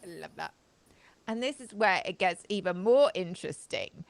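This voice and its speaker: A woman's voice: lowish voice, expressive, moderate pace, creaky. A woman hosting a live stream, giving sarcastic, chatty commentary and talking straight to her audience. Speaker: host. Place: home studio, live video.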